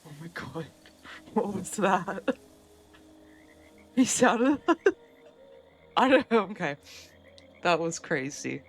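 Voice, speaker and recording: A woman's voice: mid-range voice, sing-song, extremely slow, long pauses, a little hiss or hum. A woman streaming a game at home, chatting casually with her viewers and laughing easily. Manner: chatty, reads out and answers chat, laughs easily. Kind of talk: casual live-stream chat while gaming.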